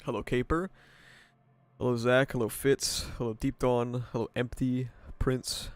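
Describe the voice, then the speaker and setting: A man's voice: mid-range voice, little pitch movement, unhurried, no echo. A man in his twenties with a stuffy nose, chatting casually with viewers on a livestream in a laid-back way, greeting chatters by name, laughing and swearing. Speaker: streamer. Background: video game soundtrack music.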